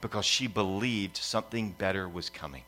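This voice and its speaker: A man's voice: sits low, moderate pace, pushed and bright. A middle-aged pastor telling a family story in a sermon, acting out voices and building his points in repeated lists. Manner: repetitive preaching cadence, builds in lists.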